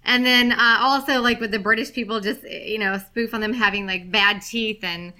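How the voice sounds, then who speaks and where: In a casual chat on her film podcast, this co-host tells stories and laughs frequently. Her voice is on the high side and sharp, with fairly even intonation at a moderate pace.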